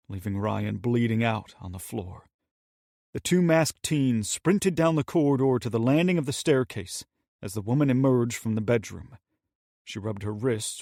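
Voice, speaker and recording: A man narrating an audiobook in a steady, measured way on a close mic. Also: mid-range voice, gravelly, dry recording. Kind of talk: scripted narration.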